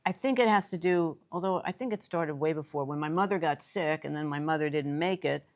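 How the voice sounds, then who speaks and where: Older new york woman chatting, low-ish voice that jumps way up when she gets worked up. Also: fairly quick. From New York City. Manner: animated storyteller, voice jumps high when excited. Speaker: co-host. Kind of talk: casual chat.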